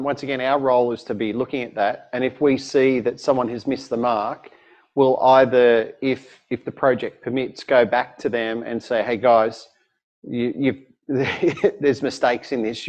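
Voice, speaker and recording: A man co-hosting a tech podcast, lively and eager, chatting casually and laughing easily. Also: medium pitch. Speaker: podcast co-host. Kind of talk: casual chat.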